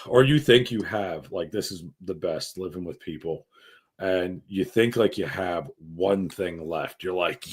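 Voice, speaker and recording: A man's voice: sits low, measured pace, slightly rough. A middle-aged man co-hosting a podcast, telling crude everyday stories full of swearing and acted-out quotes. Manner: profane, animated, acts out quoted voices. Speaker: podcast co-host. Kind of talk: crude casual storytelling.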